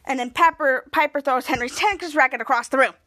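A woman hosting a podcast, excitedly recapping a TV episode in casual chat and laughing often as she retells the scenes. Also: high voice, quick pace. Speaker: podcast host.

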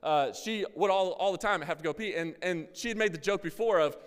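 30s guy preaching, kinda high voice, super clear, chatty and jokey, big echoey hall. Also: fairly quick. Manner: casual, chatty, self-deprecating. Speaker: pastor. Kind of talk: sermon with storytelling. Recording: hall with long reverb.

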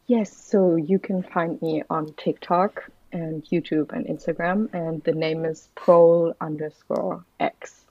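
A woman's voice: low-pitched, steady tone, slow pace, few pauses, dry recording. A woman guest on a podcast in casual chat, talking enthusiastically and trailing off. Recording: dull, dry lo-fi sound.

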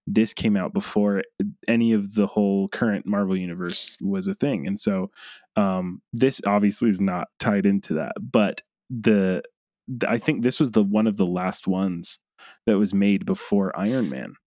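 A man co-hosting a podcast, chatting casually about a movie in an animated way. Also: lowish voice, moderate pace, no echo, studio quality. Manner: animated, laughs often. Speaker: podcast co-host. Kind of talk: casual movie review chat.

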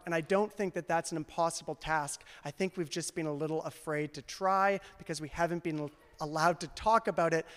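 A male pastor preaching a sermon in a casual, conversational way, full of "like", who builds to loud fervor. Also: a little high. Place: church sanctuary. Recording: long reverb of a church hall.

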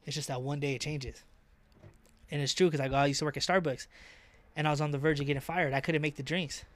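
A young man, a podcast guest, telling animated, slang-heavy stories full of swearing. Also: a little high, quick pace, no room sound. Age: young adult. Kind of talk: casual storytelling.

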